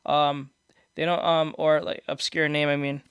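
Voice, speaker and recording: This streamer's voice is fairly high and fairly bright, smooth and flat in delivery, moving at a measured pace with no room sound. In casual live-stream chat, he answers viewers rambly, restarting sentences and laughing at his own jokes, via a desk mic.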